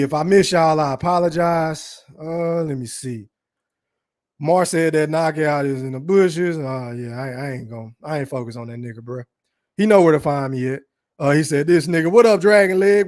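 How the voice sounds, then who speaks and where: A man's voice: on the high side, darkish tone. A young man from Dallas, hosting a casual live stream, reading chat comments aloud and ranting in profane slang. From Dallas, Texas.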